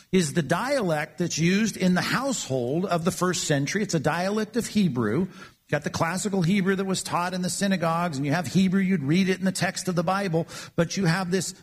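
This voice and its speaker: A man's voice: sits high, husky. A man preaching a sermon, earnest and emphatic, often repeating words as he builds his points. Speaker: pastor.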